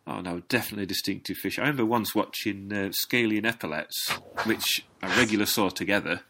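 A man's voice: fairly low pitch, fast, background noise. A Northern English man chatting casually about fishing, telling stories in a dry, understated way. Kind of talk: casual chat.

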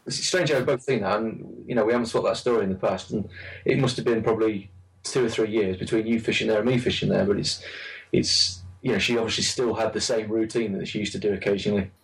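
A man's voice: on the low side, steady tone, fast talker, far from the mic, poor audio. A man chatting casually about carp fishing, rambling and repeating words as he tells stories. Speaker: carp angler recalling a lake. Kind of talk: casual chat.

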